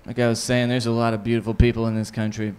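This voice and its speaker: A man's voice: medium pitch, little pitch movement, fast talker, a little mellow, slight background noise. Canadian man doing crude stand-up. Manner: crude, rambling, puts on silly voices for bits. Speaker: stand-up comedian. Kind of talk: live stand-up set. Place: small comedy club.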